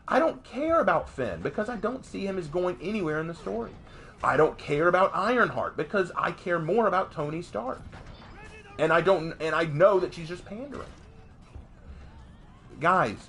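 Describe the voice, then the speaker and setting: A young adult man ranting on a live stream in a casual, emphatic way, jumping up in pitch during heated outbursts. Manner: animated, emphatic, voice jumps high in outbursts. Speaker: streamer and commentator.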